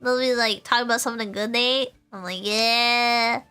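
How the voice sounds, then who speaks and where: A woman's voice: fairly high pitch, steady tone, fast talker, loud music behind the voice. A woman streamer chatting casually with her viewers, bubbly and rambling, laughing often. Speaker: vtuber streamer.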